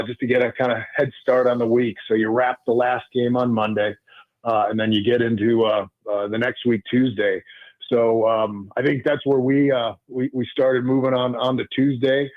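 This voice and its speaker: A man, a former pro football player, telling his story as a radio guest, earnest and halting with many restarts. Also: medium pitch, dry recording. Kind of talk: casual radio interview storytelling. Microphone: phone call. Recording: tinny dry phone line.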